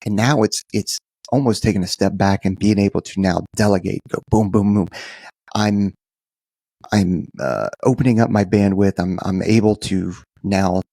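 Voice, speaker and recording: A man's voice: deep voice, moderate pace, darkish tone, dry recording, studio quality. A man co-hosting a podcast in casual, rambling chat, restarting his sentences often. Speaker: podcast co-host.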